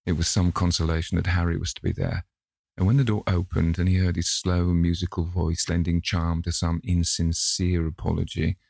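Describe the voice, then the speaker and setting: A man narrates a classic novel in a deep, gravelly low voice. His telling is measured and even, recorded close with a dry, dead sound. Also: dry recording. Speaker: audiobook narrator.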